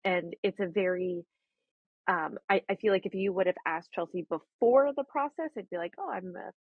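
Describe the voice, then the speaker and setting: Husky-voiced woman telling a lively story. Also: medium pitch, normal speed, no room sound, narrow, tinny audio. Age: 30s. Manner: animated, laughing, lots of "like" and quoted dialogue. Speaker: guest, egg donor. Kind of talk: casual storytelling in a podcast interview.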